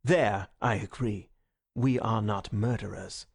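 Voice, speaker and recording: A man's voice: on the low side, slow pace, vocal fry, breathy edge, voice pushed down, heavily acted. A man voicing a fiery young male anarchist orator in an audiobook, speaking in a rousing, declamatory way. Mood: defiant. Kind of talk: audiobook character reading.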